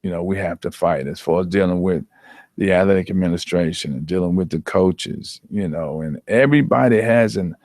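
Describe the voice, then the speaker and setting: A man recounts a hard memory, earnest and halting, often starting his sentences over. His voice sits low. The sound is dry and close, with no room around it. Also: darkish tone, no echo. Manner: earnest, halting with repeated restarts. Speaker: athletic trainer, guest. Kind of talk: emotional personal storytelling.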